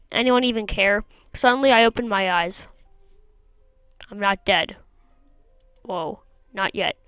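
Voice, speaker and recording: Woman gamer reading a visual novel aloud, smooth clear voice, dry recording, plain narration with wry asides. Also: a little high, a bit bright, no echo, low-quality recording.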